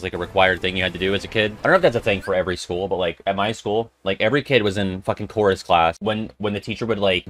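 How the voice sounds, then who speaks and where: A young man giving profane, jokey, excitable commentary as he plays a video game. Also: sits low. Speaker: gamer and video host. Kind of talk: let's-play game commentary.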